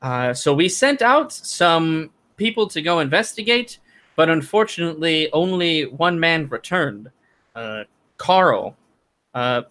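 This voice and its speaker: A man narrating a tabletop game as dungeon master, in a halting way with many fillers and restarts. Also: a little high, pushed and bright.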